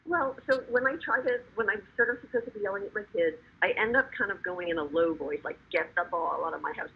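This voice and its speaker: A woman's voice: mid-range voice, quick pace, breathy edge. A woman taking part in a webinar, talking casually and a little hesitantly. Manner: hesitant, self-conscious. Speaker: webinar participant. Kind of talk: casual storytelling. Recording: tinny phone-like call audio.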